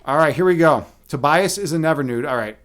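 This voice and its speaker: Male streamer in his thirties, slightly high pitch, loose profane storyteller, casual chat with viewers. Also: fairly quick. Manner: rambling, profane, laughs at own stories; many restarts and fillers, animated storytelling. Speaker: live stream host.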